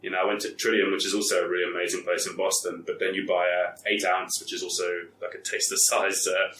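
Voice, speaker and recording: Guy rambling about a trip over beers, low voice, kinda roomy w/ some noise behind. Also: flat delivery, pushed and bright, far from the mic. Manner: rambling, halting storyteller. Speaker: guest. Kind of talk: casual chat over beer. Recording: roomy with background noise, off-mic.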